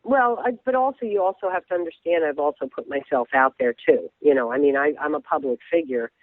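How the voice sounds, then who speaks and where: A woman from Florida calling in as a guest blogger, chatty and self-deprecating, quick to laugh. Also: deep voice, dry recording. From Florida, USA. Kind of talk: phone interview. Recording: tinny phone line, dry.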